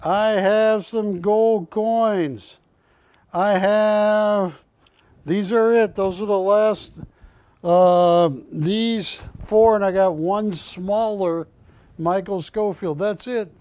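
A man's voice: high voice, fairly even intonation, very slow, a little mellow, smooth, no room sound. An older man hosting a live shopping channel show, chatty and joking while pushing deals, recorded on a lapel mic in a TV studio. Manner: chatty, joking, pushy salesman. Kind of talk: live TV sales pitch.

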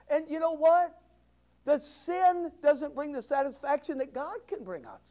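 A man preaching a sermon in a strikingly high voice. He swings from ringing, emphatic declarations to hushed asides that pull the congregation in. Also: measured pace. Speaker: pastor.

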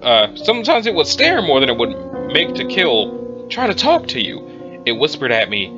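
A man playing a calm male witness quietly recounting his dealings with a monster in a measured voice. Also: on the high side, dull audio, over music.

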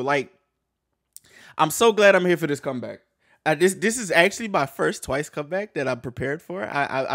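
A man reacting to an album on his video channel, talking to viewers in an excitable, stammering way, swearing freely and laughing often. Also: on the high side, fairly quick. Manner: talks to viewers while reacting to songs. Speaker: music reaction YouTuber. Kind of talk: casual album reaction vlog.

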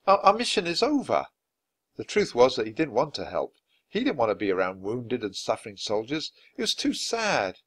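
A man reading a children's chapter book aloud at a clear, natural pace for language learners. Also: medium pitch, sing-song, moderate pace. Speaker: storyteller.

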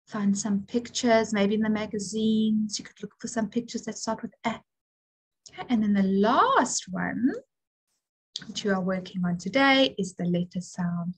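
A woman teacher giving an early literacy lesson to young children, speaking clearly and encouragingly with call-and-response prompts. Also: mid-range voice, normal speed, poor audio.

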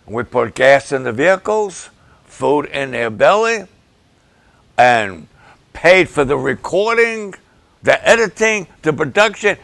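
A male pastor preaching to the camera, slow and emphatic, repeating key phrases for weight. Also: mid-range voice, creaky, a bit bright, no echo. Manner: slow, deliberate, emphatic with repetitions.

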